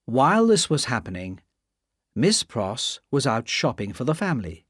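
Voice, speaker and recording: In a dry, studio-quality recording, a male audiobook narrator reads scripted material at medium pitch, keeping his delivery measured yet expressive.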